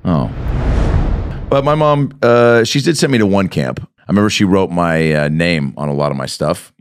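A man hosting a casual interview podcast, joking, swearing and throwing in quick reactions. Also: low voice, expressive, noisy background. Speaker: podcast host.

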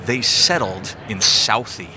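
A man's voice: lowish voice, expressive, takes it slowly, pushed and bright. A middle-aged man from New York, a sports broadcaster, chatting animatedly and joking as a podcast guest. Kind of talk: casual podcast chat.

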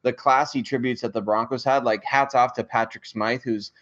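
Halting man on dull lo-fi audio. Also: medium pitch, steady tone, a bit bright. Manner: halting, many filler words. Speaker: podcast guest and team reporter. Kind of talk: casual sports podcast chat.

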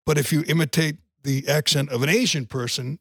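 A man's voice: on the high side, fairly even intonation, a little fast, dry recording, studio quality. A man co-hosting a podcast, talking in an emphatic, indignant way in opinionated casual chat. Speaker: podcast co-host.

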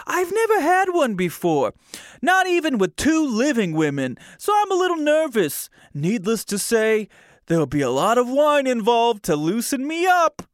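A man's voice: extremely high pitch, wildly swooping pitch, moderate pace, no echo, clean studio sound, voice pushed up, heavily acted. A man doing a put-on New Jersey accent to voice an eager, corny man who is in love with a ghost, reading his words in an exaggerated sing-song. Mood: giddy.

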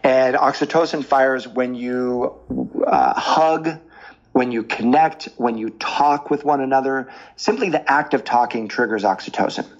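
Animated dating coach, slightly muffled. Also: male voice, mid-range voice, a little slow. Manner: animated storyteller, explains with examples. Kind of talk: podcast interview.

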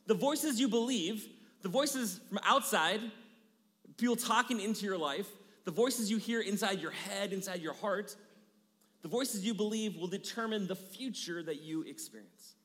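A man in his thirties preaching a sermon in a church, energetic, repeating key phrases and dropping into hushed asides. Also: high-pitched, normal speed. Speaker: pastor. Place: church sanctuary. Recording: long hall reverb.

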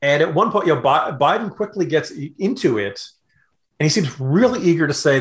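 Guy cohosting a politics podcast, kinda worked up and exasperated, fires off rhetorical questions, voice a bit on the high side. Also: lively intonation, brisk. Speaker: podcast co-host. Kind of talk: political commentary chat.

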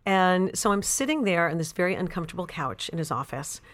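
Chatty woman telling a story, slightly low voice. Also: a little fast. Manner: animated and chatty, many "like" and "you know" fillers. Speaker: actress and author, interview guest. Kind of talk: casual anecdotal storytelling.

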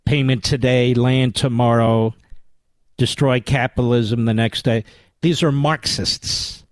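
A man's voice: mid-range voice, fairly even intonation, measured pace, no echo. A man hosting a political talk radio show, combative and sarcastic.

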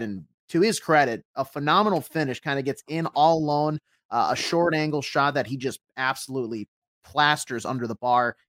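A man's voice: medium pitch, fairly bright tone, dry recording. Man recapping a soccer match. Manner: measured play-by-play recap with many fillers. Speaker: soccer podcast host. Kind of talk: casual sports recap.

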